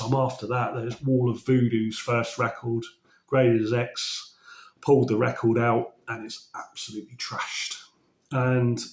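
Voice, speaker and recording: A man from England chatting casually about records he collected, his voice slightly croaky after a cold, enthusiastic and often correcting himself mid-sentence. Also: mid-range voice. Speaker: vinyl collecting vlogger. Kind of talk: casual chat. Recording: roomy echo.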